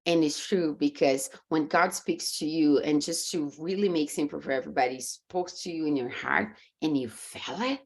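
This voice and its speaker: A woman with a low voice and a Brazilian Portuguese accent speaks at a moderate pace, barely pausing. As a podcast guest and coach on a video call, she delivers animated, earnest, faith-driven stories, acting out her reactions during a conversational interview.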